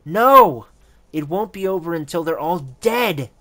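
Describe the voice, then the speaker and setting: A man's voice: mid-range voice, fairly even intonation, a little slow, lightly acted. A man voicing a traumatized young daughter. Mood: angry. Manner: shaky, accusing outbursts. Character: frightened, furious young woman, traumatized daughter.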